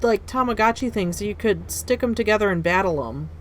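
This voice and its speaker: A woman in her thirties, live-streaming a game and chatting in a casual, animated way that reacts loudly to the game. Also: mid-range voice, brisk, few pauses, a little hiss or hum.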